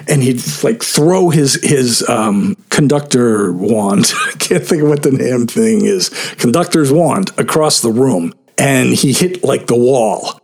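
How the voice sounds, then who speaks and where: A man's voice: medium pitch, gravelly, breathy edge. An older man candidly telling a story in a conversational, storytime vlog style.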